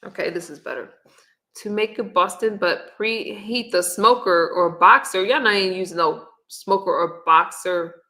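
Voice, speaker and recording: Bright-voiced middle-aged woman chatting on a livestream. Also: medium pitch, normal speed. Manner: chatty and relaxed, reading viewer comments and recipes aloud. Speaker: livestream host. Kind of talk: casual live-stream chat. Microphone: webcam or phone on camera.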